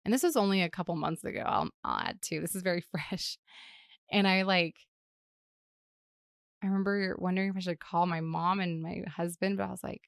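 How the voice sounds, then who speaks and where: A woman podcast host tells a personal story in a low voice with plenty of vocal fry. She is reflective and emotional, and her speech is full of "like" fillers. The recording is dry and close. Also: steady tone, brisk, dry recording.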